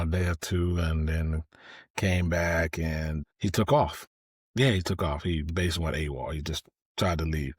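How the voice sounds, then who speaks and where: A man's voice: low voice, dry recording, clean studio sound. A man, telling a personal story in a candid, confessional, conversational way. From Georgia, US. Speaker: host, storyteller.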